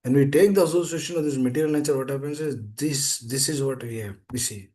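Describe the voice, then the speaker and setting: A man's voice: medium pitch, quick pace, a little mellow. A man giving a scripture class, emphatic and repetitive, speaking over a video call. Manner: repetitive, emphatic, pleading "please understand". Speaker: preacher.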